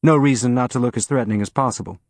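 A man's voice: medium pitch, rapid-fire, dry recording, lightly acted. A dry, wry spaceship captain giving orders and trading jokes, in a man's mid-range voice that a narrator puts on. The recording is close and dry.

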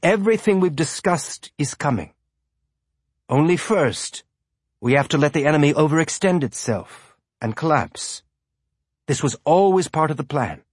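A man's voice: on the high side, lively intonation, normal speed, breathy edge, dry recording, studio quality, voice pushed up. A man voicing a grandiose, charismatic male rebel leader who speaks in lofty, commanding speeches.

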